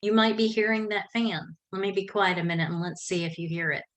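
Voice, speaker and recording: A middle-aged podcasting coach with a South Georgia drawl talks briskly in a steady, mid-range, slightly bright voice. Her casual how-to talk is chatty and folksy, full of self-corrections, recorded roughly in her home office over a running fan.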